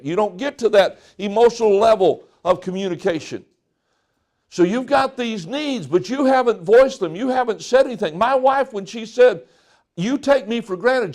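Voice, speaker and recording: A man's voice: high-pitched, a little mellow. A middle-aged male pastor preaching a folksy sermon, joking and acting out what people say.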